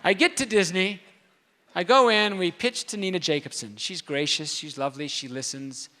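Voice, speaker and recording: Man doing a funny story talk, high bright voice, big reverby hall. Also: moderate pace. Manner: animated, comic storytelling with quoted voices. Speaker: speaker at a convention.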